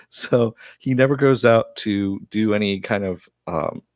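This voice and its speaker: Male reviewer, lowish voice, dry close mic, casual chatty recap with frequent chuckles. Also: slow, no room sound. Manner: chatty, laughs often, many fillers. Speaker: TV episode reviewer.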